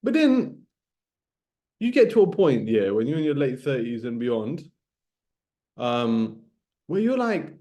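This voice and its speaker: A man's voice: mid-range voice, very animated, slow pace, pauses often, dark tone. A man in his late thirties rants casually to camera about boxing. He repeats himself for emphasis and ends his phrases with 'man' and 'bro'. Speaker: boxing commentator vlogger. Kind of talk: casual ranting monologue to camera.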